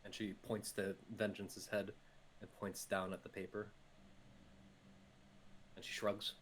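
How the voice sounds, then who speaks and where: A man playing a tabletop game, talking through his character's moves. He rambles along with likes and uhs in a lowish voice, with faint noise behind him. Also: monotone, unhurried. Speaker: player.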